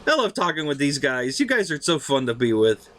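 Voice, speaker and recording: A man in his fifties hosting a live stream, telling stories in a chatty, animated, profane way. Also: fairly high pitch, brisk, slight background noise. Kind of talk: casual storytelling on a live stream.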